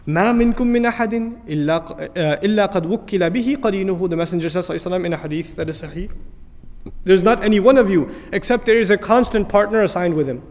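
Brisk male religious teacher, animated and questioning, echoing in a reverberant hall. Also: high voice. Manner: quotes Arabic then translates, animated, asks the audience questions. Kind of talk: Islamic lesson, explaining Arabic texts.

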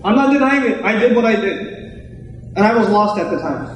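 A steadfast prophet, as a preacher puts him on, speaking calm and firm in a fairly high voice. An echoey room carries the voice from a distance. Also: male voice, a little fast, slight background noise.

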